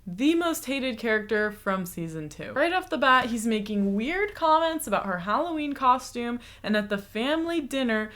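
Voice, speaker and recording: A woman's voice: a little high, lively intonation, normal speed, hardly any pauses, a bit bright. A woman from the United States hosting a chatty, explanatory reaction commentary with a lightly sarcastic edge. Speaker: reaction video host. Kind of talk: casual commentary.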